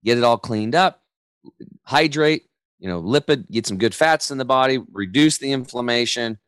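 A man in his forties, a podcast guest talking in a loose, energetic, casual way and acting out quoted voices as he tells stories. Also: medium pitch, normal speed, clean tone, no room sound. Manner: energetic, loose storyteller who acts out quotes. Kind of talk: casual interview chat.

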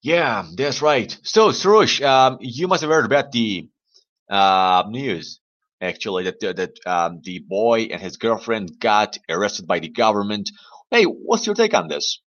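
A man's voice: lowish voice, very animated, unhurried, fairly bright tone, lo-fi sound. A man hosting a livestream, chatting casually and rambling with teasing questions for his viewers. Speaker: livestream host. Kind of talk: casual chat to live viewers.

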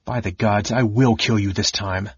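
A man's voice: lowish voice, steady tone, moderate pace, husky, muffled recording. An audiobook narrator voicing a big hot-tempered male warrior general who speaks angrily and threateningly. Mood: furious. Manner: angry, threatening, through clenched teeth.

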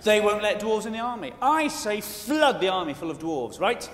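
A British man performing a stand-up comedy routine in a large theatre, quick and mock-indignant, breaking into shouted impressions. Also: high voice, big pitch swings. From Britain. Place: large theatre stage before a live audience. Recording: roomy, echoing hall with loud audience noise.

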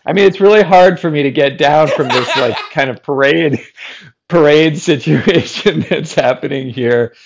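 A man chatting as a comedy guest, rambling and giggly, with lots of halting restarts. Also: fairly high pitch, vocal fry, highs cut off. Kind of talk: casual improv chat.

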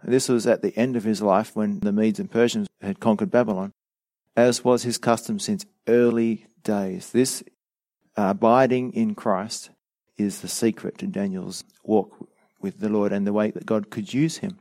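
A middle-aged man preaching a sermon as a pastor, earnest and measured, with a touch of dry sarcasm. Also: on the low side, steady tone, a little mellow, dry recording.

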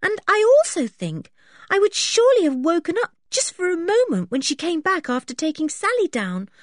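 A woman's voice: very animated, normal speed, dry recording, studio quality. A woman voicing a frightened, earnest young girl in a storybook reading. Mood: anxious. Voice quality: high and bright.

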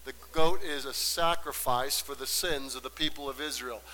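A man preaching a sermon. He moves between hushed, quiet passages and loud, emphatic ones, and slows down to stress key words. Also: fairly high pitch. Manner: slows down and stresses words when building to a point. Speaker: pastor. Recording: long hall reverb.

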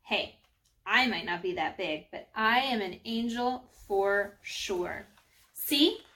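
A woman's voice: medium pitch, expressive, slow, a bit bright. A woman voicing a tiny, playful female angel in a storybook read-aloud, breezy and chatty.

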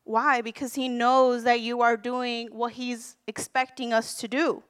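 A woman minister preaching a sermon, counting off numbered points and then candidly telling a personal story with gentle self-deprecation. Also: on the high side, little pitch movement, unhurried, smooth. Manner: earnest, counts off numbered points, quotes scripture.

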